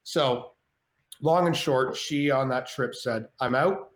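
A male podcast guest tells a personal story in casual conversation, animated and cursing freely while imitating other people's voices. He speaks slowly at a medium pitch, and the audio has a roomy echo with faint ambience.

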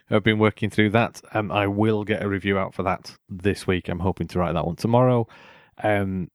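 A man's voice: lowish voice, steady tone, normal speed, no room sound, clean studio sound. A man hosting a casual gaming podcast, chatty and opinionated, laughing often. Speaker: podcast host.

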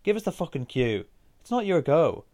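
A man's voice: a little high, very animated, normal speed, darkish tone, voice pushed up. A man voicing a cocky, restless young man in a boastful manner. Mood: brash. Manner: brash, boastful.

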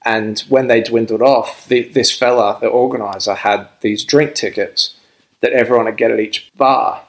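A relaxed young Australian man tells a meandering story as a guest on a podcast, chuckling throughout. He speaks at a moderate pace in a steady, mid-range voice, and the recording is poor.

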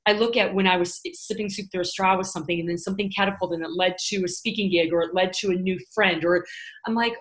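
A woman with a somewhat low voice talks as a guest in an interview. She is earnest and emphatic as a motivational speaker. She lifts into animated quoted self-talk when she makes a point. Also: fast. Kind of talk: conversational interview.

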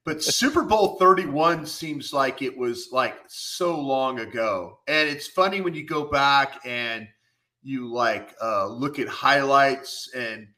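A man's voice: mid-range voice, expressive, slow pace, bright, forceful tone. A middle-aged man, a former football scout and co-host, telling rambling anecdotes full of fillers. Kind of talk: casual storytelling.

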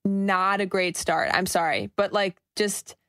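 A woman's voice: medium pitch, fairly even intonation, a little slow, a bit bright, dry recording, soft background music. Snarky woman cohost rambling about celebs, dry close mic. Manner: snarky, opinionated, rambling asides. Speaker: podcast co-host. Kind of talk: casual gossip chat.

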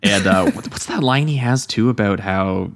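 A man's voice: on the low side, moderate pace. A man on a podcast casually discussing a film, animatedly retelling scenes, acting out quoted lines and leaning on fillers like "you know". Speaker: podcast panelist.

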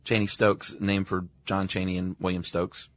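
Low-voiced male podcast co-host, chatty and agreeable, dry studio sound. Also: level tone, moderate pace, no room sound. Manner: chatty, frequent agreeing interjections. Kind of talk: casual conversational chat.

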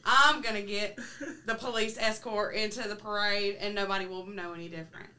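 A brash young male newspaper editor brags about his grand schemes, swearing freely, as a woman puts him on in a retelling. The voice is bright and pushy. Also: on the low side, fast talker, slight background noise. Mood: excited. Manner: boastful, profane, big plans.

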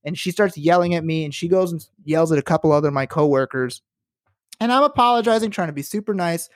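A man co-hosting a podcast, telling a work story in a casual, animated and profane way and acting out the people he quotes. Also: a little high, fast, dry recording, studio quality. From works in Los Angeles. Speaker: podcast co-host.

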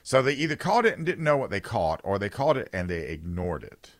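A man's voice: lowish voice, big pitch swings, brisk, no room sound, clean studio sound. A man hosting a political talk radio show, giving opinions in a conversational way and reading listener texts aloud.

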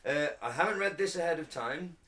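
A man's voice: fairly high pitch, lively intonation, brisk, fairly bright tone. A man co-hosting a casual podcast, reading notes aloud, laughing often and stumbling over foreign words. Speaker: podcast co-host.

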